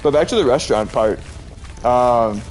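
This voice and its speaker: A male Twitch streamer chats casually while gaming, rambling with lots of "like" and laughing often. His voice is mid-range and slightly dark, with lively intonation and a moderate pace.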